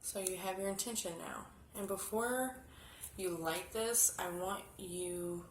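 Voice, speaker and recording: A woman casually showing a candle spell step by step, chatty and often dropping to a hushed murmur. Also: medium pitch, measured pace. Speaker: spiritual vlogger. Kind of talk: casual how-to demonstration. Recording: echoey room with background noise.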